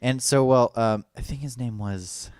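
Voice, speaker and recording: Brief: young male podcast co-host, mid-pitch, rambling anecdote style, dry close mic. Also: a little slow, darkish tone, clean tone, no echo. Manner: rambling storyteller, full of fillers, acts out quoted lines. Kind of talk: casual chat.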